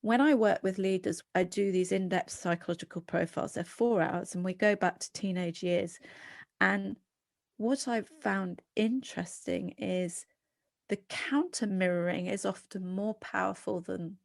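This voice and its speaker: Earnest British woman with a gravelly edge. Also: mid-range voice. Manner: earnest, animated, quick restarts. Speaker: guest psychologist. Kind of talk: podcast interview.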